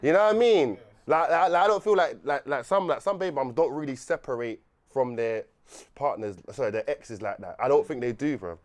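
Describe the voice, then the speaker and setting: A young man telling a rambling, animated story on a podcast, laughing often and restarting his sentences. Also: mid-range voice, fairly quick. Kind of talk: casual storytelling chat.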